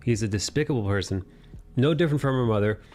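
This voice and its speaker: A young man hosting a casual anime discussion podcast, recapping scenes animatedly and jumping into quick character voices. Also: medium pitch, darkish tone, soft background music. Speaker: podcast host.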